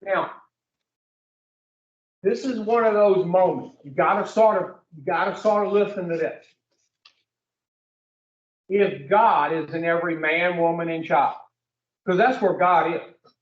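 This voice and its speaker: Leading an addiction recovery group in a preaching style, this man talks bluntly and profanely and fires questions at his listeners. His voice is high and a little slow, with long pauses, and the echoey room is picked up by a distant, muffled mic.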